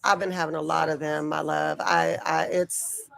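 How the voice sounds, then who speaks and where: Gravelly low-voiced woman co-host. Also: little pitch movement, normal speed, fairly bright tone, dry recording. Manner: chatty, playful banter. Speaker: livestream co-host. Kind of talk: casual live watch-along chat.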